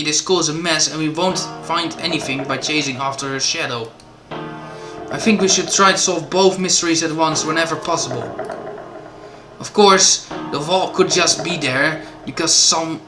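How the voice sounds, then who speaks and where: A man's voice: fairly high pitch, normal speed. Man reading a game's dialogue aloud, playful and loose; roomy sound with game music under it. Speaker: let's play host.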